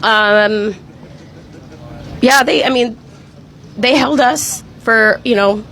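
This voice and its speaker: A woman's voice: a little high, drawn-out words, a bit bright, a little hiss or hum, poor audio. A woman guest recounting her team's game hesitantly, with many ums and you-knows. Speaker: guest player. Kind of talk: casual chat.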